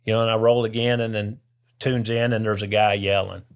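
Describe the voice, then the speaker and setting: A man's voice: on the low side, brisk. A man, a podcast guest telling a personal faith testimony and acting out the people he quotes. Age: 60s. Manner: lively storyteller who acts out the people he quotes.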